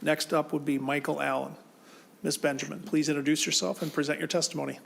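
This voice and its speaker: A man's voice: fairly high pitch, little pitch movement, fast talker, creaky, background noise. A man chairing a legislative hearing, calling testifiers in a polite, procedural way. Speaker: committee chair.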